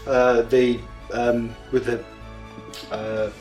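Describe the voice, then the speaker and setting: A man explaining his moves in a tabletop wargame in a matter-of-fact way, slipping in deadpan jokes. His voice sits at a middling pitch. The studio is echoey, with faint music in the background. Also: very slow. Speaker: guest player. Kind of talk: casual game commentary. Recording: roomy studio echo.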